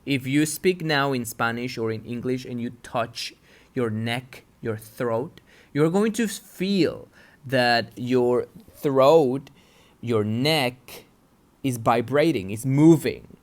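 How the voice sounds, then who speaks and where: Guy teaching english pronunciation, talks real slow, keeps asking "yeah?" to check ppl follow. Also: mid-range voice. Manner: patient, checks understanding with "yeah?". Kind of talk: explaining a pronunciation lesson.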